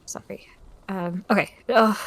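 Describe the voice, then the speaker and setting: A woman's voice: mid-range voice, fairly even intonation, unhurried, a bit bright. A woman playing a tabletop game in casual chat, playful and jokey. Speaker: player.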